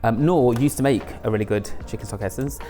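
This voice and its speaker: A man's voice: mid-range voice, fast talker, mellow, soft background music. A man chatting casually through a home cooking video, rambling with self-mocking asides. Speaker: home cook and channel host. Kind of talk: casual cooking vlog chat.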